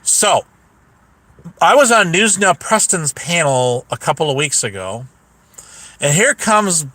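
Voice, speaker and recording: A man's voice: on the high side, very animated, slow pace, sharp tone, no room sound. A man ranting casually to his live chat as a stream host, swearing freely and telling a story with mocking impressions. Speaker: YouTube livestream host.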